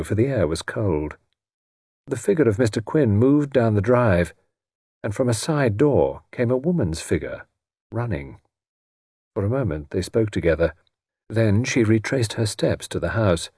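A man narrating an audiobook story in a measured, expressive way. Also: on the low side, slightly rough, dry recording, clean studio sound.

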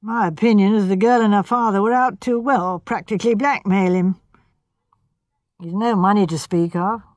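A woman's voice: mid-range voice, normal speed, darkish tone, dry recording, close to an everyday voice. A woman reading the part of a blunt, confident male police inspector. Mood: emphatic. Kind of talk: audiobook character voice.

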